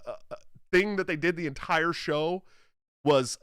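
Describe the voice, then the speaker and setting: A man's voice: sits high, moderate pace, smooth, no echo, studio quality. A young man hosting a podcast, chatting casually and telling stories with plenty of cursing, acting out what other people said. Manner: animated storytelling, acts out others' lines, swears freely. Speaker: podcast host. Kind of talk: casual chat.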